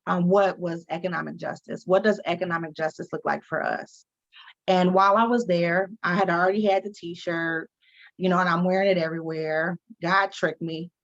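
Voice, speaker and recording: A woman from Detroit tells her own story in an interview, animated and candid. Her voice has a gravelly edge, and she acts out the people she quotes. The sound is dull, lo-fi video-call audio. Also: lowish voice, moderate pace. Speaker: guest, advocate and speaker.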